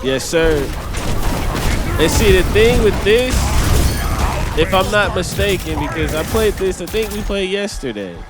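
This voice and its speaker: A man's voice: high voice, expressive, a little slow, pauses often. A young man giving laid-back, chatty commentary over his own gameplay as a gaming channel host. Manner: laid-back, chatty, laughs often, says "man" and "brother". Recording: loud game music underneath.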